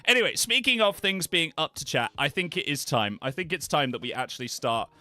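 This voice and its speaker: A man's voice: a little high, animated, a little fast, bright, forceful tone, no echo. A British man chatting on a live stream in a playful, rambling way, often trailing off into mumbles. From Britain. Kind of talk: casual live-stream chat.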